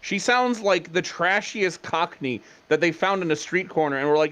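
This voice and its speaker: A man's voice: high voice, normal speed, a bit bright. A man co-hosting a podcast in casual chat, rambling and stumbling over his words. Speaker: podcast co-host.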